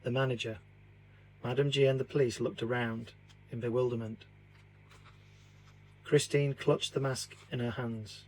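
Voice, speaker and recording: Husky-voiced man reading a storybook. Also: mid-range voice, fairly even intonation, measured pace, long pauses, a little mellow, poor audio. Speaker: teacher reading aloud. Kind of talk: children's storybook read-aloud.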